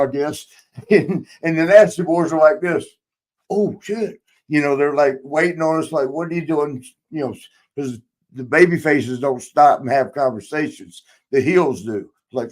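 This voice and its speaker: Older guy rambling thru wrestling stories, cussing a lot, laughs at his own bits, acts out what people said. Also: medium pitch. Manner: rambling, profane, laughs often, acts out quotes. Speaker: podcast host, former wrestler. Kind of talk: casual storytelling chat.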